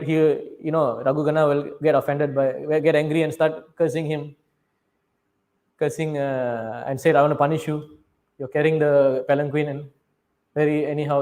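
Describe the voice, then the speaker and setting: A middle-aged man preaching a scripture class in a fairly high voice. He tells the story with energy, acts out what each character says and keeps turning to the audience with questions. His English is fluent but not native. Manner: animated storyteller, asks the audience questions, acts out quoted dialogue; non-native English phrasing. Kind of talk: sermon, storytelling.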